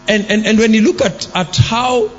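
A man preaching a sermon in church. He fires rhetorical questions at the congregation and breaks into shouts. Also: high voice, animated, moderate pace, dull audio. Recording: long hall reverb with faint music.

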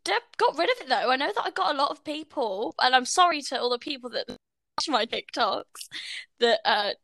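A woman's voice: high voice, very animated, a little fast, vocal fry, fairly bright tone, no room sound. A British woman co-hosting a casual podcast, chatting and giggling as she tells stories. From Britain. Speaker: podcast co-host. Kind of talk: casual chat.

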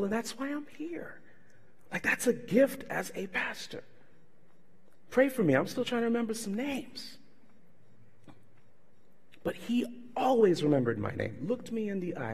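A man's voice: extremely high pitch, vocal fry, husky. A man pastor preaching a sermon, telling stories animatedly and acting out the people in them. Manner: animated storytelling with voiced impressions. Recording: reverberant hall.

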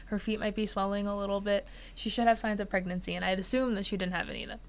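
A woman's voice: medium pitch, quick pace. A young woman casually recounting a true crime case as a podcast co-host, loose and filler-heavy. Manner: relaxed, filler-heavy telling with frequent "like" and "uh".

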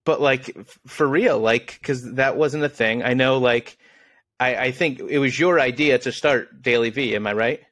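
A man's voice: medium pitch, normal speed, fairly bright tone, no echo. A man hosting a podcast, asking a guest questions in a chatty way with many fillers. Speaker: podcast host. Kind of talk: casual interview questions.

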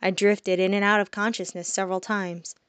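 Woman narrating a fantasy story, soft-spoken. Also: medium pitch, flat delivery, fairly quick, clear, resonant tone, no echo. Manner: soft, drops quiet on reflective lines. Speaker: audiobook narrator. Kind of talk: first-person storybook narration.

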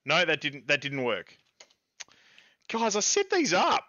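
A man in his thirties with an Australian accent, co-hosting a casual streamed gaming podcast in a rambling, excitable way. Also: a little high, unhurried, no room sound, highs cut off. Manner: rambling and excitable, with fillers and laughs. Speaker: podcast co-host.

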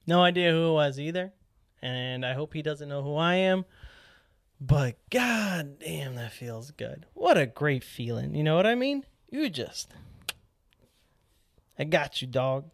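A young man telling a casual, animated story as a powerlifting vlogger, acting out his own past lines with sudden excited jumps in voice. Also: unhurried, creaky, no room sound, clean studio sound. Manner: animated, quotes himself in excited high voice.

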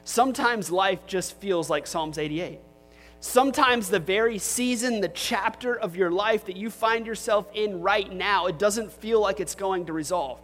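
A man's voice: high-pitched, unhurried, a bit bright, long reverb tail, soft background music. A man preaching a sermon as pastor in a church, talking conversationally with joking asides to his congregation. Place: church sanctuary.

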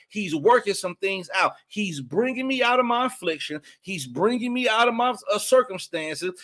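Fervent high-voiced male preacher. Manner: fervent, with sudden high shouts of praise; colloquial, drops into spoken prayer. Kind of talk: sermon.

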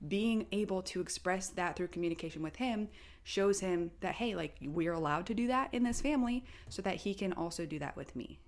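A young adult woman co-hosting a casual parenting chat, talking in a chatty way and acting out quotes with lively bursts. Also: fairly low pitch, fairly quick. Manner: chatty, quotes herself and her toddler in animated bursts. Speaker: podcast co-host.

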